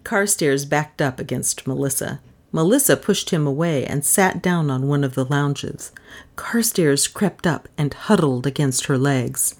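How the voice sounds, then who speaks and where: A woman narrating a storybook with an expressive, dryly humorous reading. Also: sits low, a little slow.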